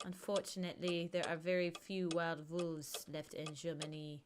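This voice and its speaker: Woman doing a haughty male doctor, mock French accent, lowered voice, slow and stiff, condescending. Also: little pitch movement, noisy background, close to an everyday voice. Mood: lecturing. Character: pompous male German wolf researcher, stiff and condescending. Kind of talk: reading game dialogue aloud.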